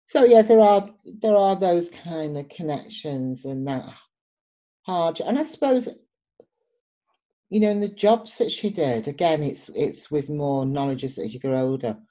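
A woman's voice: sits low, measured pace. An older woman from Manchester with a Manchester accent, telling personal stories in an interview and acting out the voices in them. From Manchester, England. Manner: lively, acts out voices in her anecdotes. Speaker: poet and performer, interviewee.

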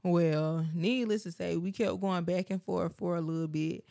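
A young adult woman co-hosting a podcast, telling her story in an animated, emphatic way and repeating phrases for punch. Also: lowish voice, moderate pace, creaky, no room sound, clean studio sound. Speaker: podcast co-host. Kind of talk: casual storytelling chat.

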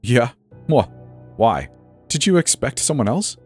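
A man's voice: very animated, measured pace, darkish tone, slightly rough, faint music behind. A man voicing a creepy sing-song teen boy. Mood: menacing. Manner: sing-song, mocking, low murmur. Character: creepy grinning teenage boy selling superpowers.

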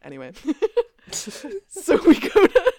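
A woman's voice: very high-pitched, huge pitch swings, takes it slowly, darkish tone. A woman co-hosting a podcast, recapping a TV episode in casual chat and acting out quotes. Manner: chatty, acts out quotes, laughs often. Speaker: podcast co-host.

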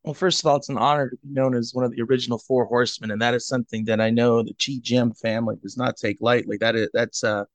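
A man from Cleveland chatting as a podcast co-host, telling a rambling, self-mocking story into a headset boom mic. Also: fairly even intonation, quick pace, hardly any pauses, dry recording. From Cleveland, USA. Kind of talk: casual storytelling chat.

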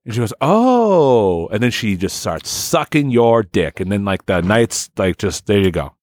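A man's voice: lowish voice, very animated, measured pace, a little mellow, no echo, studio quality. A man hosting a comedy podcast, crude and joking, doing improv bits with his co-hosts. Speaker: podcast host.

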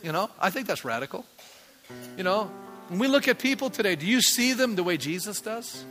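Older pastor preaching over music. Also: male voice, high voice, sing-song, a little fast, sharp tone. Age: 60s. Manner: conversational, asks the congregation rhetorical questions. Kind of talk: sermon.

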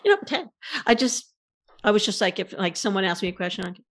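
A woman in casual conversation, telling a long personal story in an animated, rambling way. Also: mid-range voice, fast.

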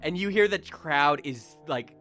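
A man's voice: on the high side, animated, unhurried, sharp tone, faint music behind. A man narrating as game master in a tabletop game, dramatic and playful.

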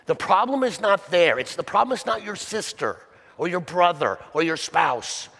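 A man's voice: sits high, very animated, normal speed, creaky, fairly bright tone, husky, big-room sound. A male pastor preaching a sermon conversationally, often asking the listeners rhetorical questions.

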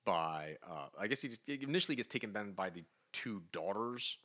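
A man co-hosting a podcast, recapping comic book plots in an animated, casual way. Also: on the low side, brisk. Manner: animated recapping, acts out quoted lines. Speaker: podcast co-host.

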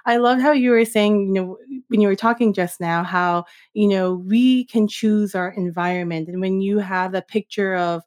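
A woman's voice: medium pitch, fairly even intonation, moderate pace, few pauses, darkish tone. A woman interviewing a guest, asking an admiring question and searching for her words.

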